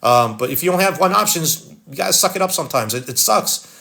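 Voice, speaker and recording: A man's voice: fairly high pitch, animated, fast, vocal fry, sharp tone. A man with a Philadelphia accent hosting a casual live stream, reading viewer comments aloud and answering them bluntly. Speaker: livestream host reading comments.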